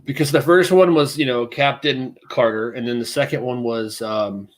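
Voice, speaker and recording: A man co-hosting a laid-back podcast, his voice sitting at an ordinary middle pitch. He rambles and cuts himself off mid-thought, jumping into little acted-out voices as he retells scenes. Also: normal speed. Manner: animated storytelling, acts out scenes with voices; rambling, self-interrupting. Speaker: podcast co-host. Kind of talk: casual chat.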